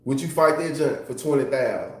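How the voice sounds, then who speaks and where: A man talks loosely to his livestream audience in a heavily echoing room, swearing freely and often breaking into laughter. His voice sits at an ordinary pitch for a man, and the talk wanders between stories and reading chat. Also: brisk. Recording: very echoey room.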